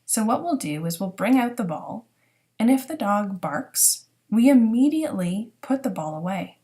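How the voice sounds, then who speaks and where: A woman giving a recorded lesson as a dog training instructor, explaining step by step in a clear, teaching manner. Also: mid-range voice, big pitch swings, normal speed, dark tone. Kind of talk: recorded lecture narration.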